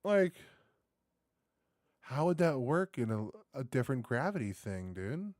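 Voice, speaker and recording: A man reacting on camera in a loose, rambling way, swearing freely and leaning on dude and bro. His pitch jumps all over with lively swings. The sound is close and dry, with no room around it. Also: measured pace, dry recording. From United States. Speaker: reaction video host. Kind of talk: casual reaction commentary.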